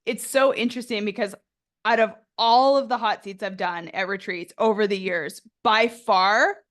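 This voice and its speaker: A woman hosting a podcast as a coach, chatting casually in an animated way, laughing and swearing freely. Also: mid-range voice, normal speed. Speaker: host and coach.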